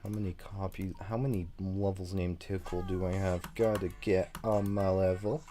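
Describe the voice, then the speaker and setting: With a deep, warm voice that barely moves in pitch, a man with a slight Southern twang talks at a moderate pace while streaming a game-level build. He rambles casually and keeps apologizing for getting sidetracked.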